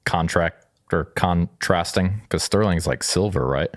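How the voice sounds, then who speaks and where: A young man co-hosting a podcast in casual chat, animated and jokey, with frequent swearing. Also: low voice, a little slow, dry recording, studio quality. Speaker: podcast co-host.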